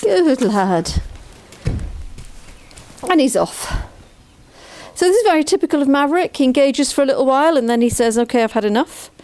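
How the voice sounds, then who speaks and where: Working with a horse outdoors next to a trailer, a female trainer explains what she is doing while cheerfully praising and coaxing the animal along. She speaks fast in a high, slightly mellow voice.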